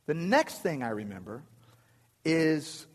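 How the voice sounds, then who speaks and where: A man telling a funny personal story to a live audience, animated and self-deprecating, with lots of restarts. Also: fairly high pitch, takes it slowly, long reverb tail.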